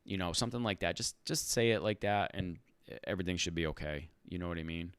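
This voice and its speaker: Low-voiced casual livestream host, man. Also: fast, smooth, no echo. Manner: animated, talks in fits and restarts. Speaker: rideshare channel host answering live chat.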